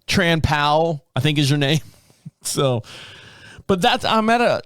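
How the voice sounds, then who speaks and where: A man's voice: a little high, big pitch swings, measured pace, a bit bright, no echo, studio quality. Rambling, chuckling man in his fifties. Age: 50s. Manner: rambling and self-amused, chuckling through frequent restarts. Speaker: podcast host. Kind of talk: casual solo chat.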